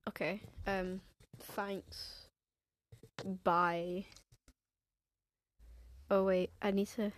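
A teenage girl with an English accent, rambling through a casual solo podcast, full of fillers and restarts. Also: mid-range voice. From England. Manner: rambling, filler-heavy, self-interrupting. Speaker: podcast host.

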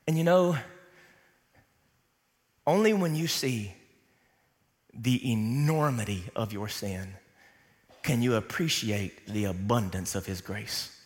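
A man's voice: lowish voice, slow pace, long pauses, in a large hall. A man preaching a sermon to a congregation, emphatic and calling out for responses. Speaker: pastor.

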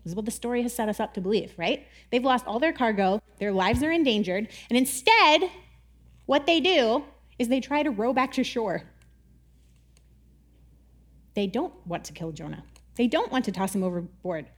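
Brief: casual woman Bible teacher, high voice, lively storyteller who acts out quotes. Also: moderate pace, long pauses. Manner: chatty, animated, says "like" often and acts out quotes.

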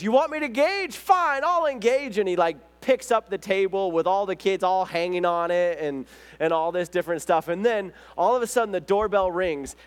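A male pastor with a somewhat high voice delivers a sermon like a relaxed chat. He tells stories loosely, with frequent fillers and self-corrections. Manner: conversational storytelling, lively retelling.

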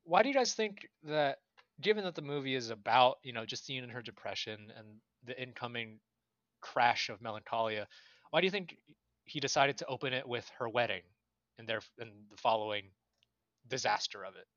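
A man's voice: medium pitch, lively intonation, fairly quick, a bit bright, no room sound. A man casually analyzing a film on a podcast, building to emphatic bursts. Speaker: podcast guest. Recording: dry, dull lo-fi mic.

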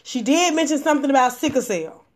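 A woman with a somewhat high voice speaks in a casual livestream. She talks emphatically, stacking repeated phrases as she drives her points home. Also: lively intonation, fast. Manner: emphatic and repetitive, building indignation. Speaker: livestream host.

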